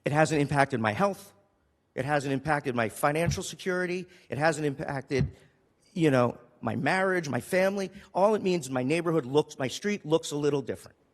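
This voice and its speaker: A city councilor speaking with emotion and frequent restarts during a council meeting. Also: male voice, fairly high pitch, moderate pace, in a large hall. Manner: emotional, pleading, with restarts and repetition. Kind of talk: impassioned council meeting speech. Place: council chamber.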